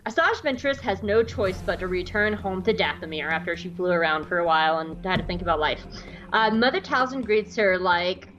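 A woman co-hosting a podcast, chatting casually, laughing often and acting out quotes in squeaky voices. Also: moderate pace, fairly bright tone, dull audio, faint music behind. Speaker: podcast co-host. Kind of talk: casual chat, recapping an episode.

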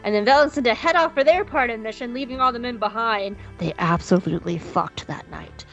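High-voiced woman doing a playful recap. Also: creaky, a bit bright, muffled recording, faint music behind. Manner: playful and profane, acting out characters' lines in quick bits. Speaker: podcast co-host. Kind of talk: casual episode recap.

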